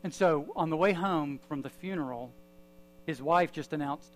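A man's voice: on the high side, a little hiss or hum, poor audio. A man preaching a sermon as pastor, telling a story and leading a prayer in a church. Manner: storytelling with pauses, then prayer.

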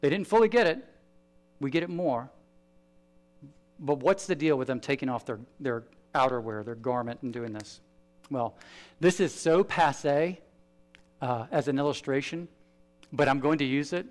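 Preaching as a pastor, a man speaks at medium pitch and a moderate pace, leaving long pauses. He's animated, moving back and forth between forceful emphasis and hushed side remarks.

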